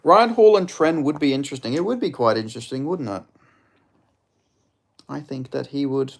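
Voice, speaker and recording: A man's voice: medium pitch, moderate pace, gravelly. A young man hosting a fight watch-along stream, chatting casually, swearing and joking with viewers. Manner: swears often, jokes with chat, laughs a lot. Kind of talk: casual live-stream chat.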